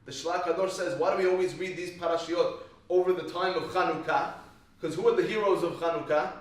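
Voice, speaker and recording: Male Torah teacher, slightly high voice, animated and questioning, recorded from across a very echoey classroom. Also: fairly quick. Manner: animated storytelling, quizzes the audience. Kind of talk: lively Torah class to a live group. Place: classroom with a small live audience. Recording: echoey room, voice from far off.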